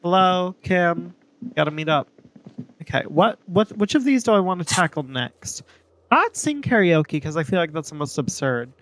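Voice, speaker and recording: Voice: mid-range voice, sing-song, normal speed, fairly bright tone, a little hiss or hum. A streamer casually commenting and reading dialogue while playing a game, with chatty asides.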